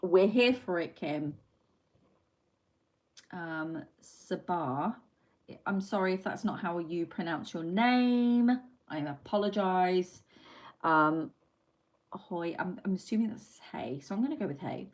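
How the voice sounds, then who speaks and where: Woman, lower pitch, casual livestream chat, rambling, sweary, calls viewers babe. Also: takes it slowly, a little mellow, rough recording. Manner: chatty and rambling, swears freely, tangents. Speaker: livestream host reading chat.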